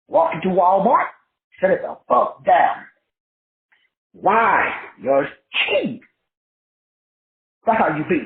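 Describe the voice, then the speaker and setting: A high-voiced man teaches a motivational class, his pitch leaping all over as he preaches with profanity and rhyming riffs. The sound is thin and phone-like, in a room with a lot of echo. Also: wildly swooping pitch, slow, creaky, long pauses. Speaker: self-styled teacher called Doc.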